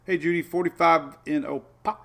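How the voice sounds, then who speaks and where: A man hosting a casual live weather show, chatting in a rambling way with excitable asides while looking over the maps. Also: a little high, moderate pace, vocal fry.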